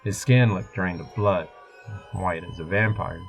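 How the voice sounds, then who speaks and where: A man narrating a first-person horror story in a steady, measured way. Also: low-pitched, vocal fry, rough recording. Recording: music bed behind voice.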